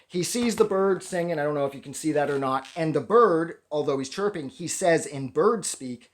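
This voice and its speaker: A man's voice: fairly high pitch, moderate pace, few pauses. A man giving a casual, rambling review of a comic book. He swears often and sounds exasperated. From Canada. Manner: animated, rambling, profane, exasperated.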